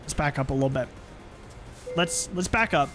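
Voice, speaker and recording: A man's voice: a little high, lively intonation, moderate pace, fairly bright tone. A young man streaming a driving game, chatting casually with viewers and reacting aloud to the road. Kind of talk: casual gameplay commentary. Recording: game music behind.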